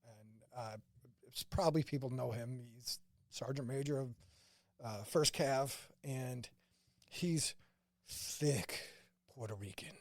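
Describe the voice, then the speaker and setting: A man's voice: mid-range voice, slow pace, pauses often, no room sound, studio quality. A man from St. Louis, a former combat medic, telling stories in a casual interview and quoting people along the way. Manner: animated anecdotes, quoting others in dialogue.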